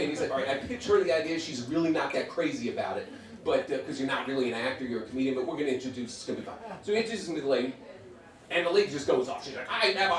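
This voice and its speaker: A man's voice: medium pitch, distant mic. A man doing stand-up, telling a rambling, profane story full of "uh"s to a live club audience. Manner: profane, rambling, filler-heavy with many "uh"s. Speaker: stand-up comedian. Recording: roomy club sound, audience laughter.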